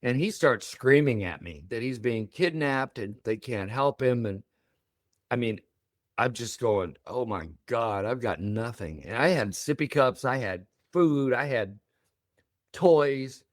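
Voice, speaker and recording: An older man, a podcast guest, telling a deeply personal story with feeling, acting out the other people's words as he goes. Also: unhurried, no echo, clean studio sound. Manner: emotional, animated storytelling with voiced quotes.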